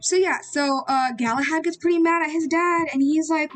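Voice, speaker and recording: A woman's voice: high voice, normal speed, faint music behind. A young woman chatting casually while she draws, rambling, giggling and using slang. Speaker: artist streaming while drawing. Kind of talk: casual chat while drawing.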